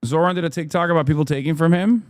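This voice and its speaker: A man streaming live reaction commentary, loud and profane with animated outbursts. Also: on the high side, racing.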